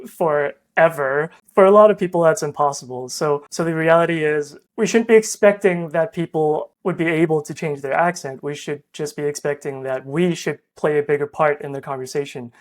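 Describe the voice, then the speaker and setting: A man's voice: on the high side, normal speed, few pauses. A young man from Hong Kong with an international accent, talking earnestly and reflectively as a veterinarian guest on a podcast. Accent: international, hard to place. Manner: earnest, reflective, with light laughs.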